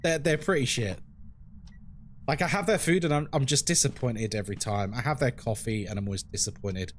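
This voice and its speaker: A man's voice: medium pitch, brisk, slight background noise. A man with a London accent, chatting frankly on a live game stream and answering his chat as he plays. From England.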